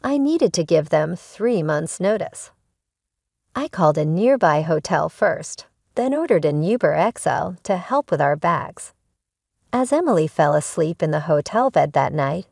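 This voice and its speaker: A woman's voice: low voice, lively intonation, a little slow, creaky, a little mellow, dry recording, studio quality. A woman narrating a first-person family drama story in an emotional, pointed way.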